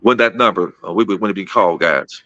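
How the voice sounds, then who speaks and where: A man in his fifties from Gary, Indiana, speaks in a low, bright, forceful voice. He tells a personal story casually and keeps calling his listeners guys. The sound is dry and a little dull, with little room around it. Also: fast, no echo. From Gary, Indiana, USA. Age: 50s. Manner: repetitive, addresses listeners as guys, emotional storytelling. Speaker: guest speaker.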